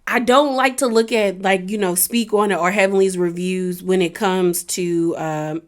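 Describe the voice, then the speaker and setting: A woman's voice: mid-range voice, steady tone, moderate pace. A woman hosting a casual review of a reality show episode, chatty and laughing often as she acts out what the cast said. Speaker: reality TV recap host.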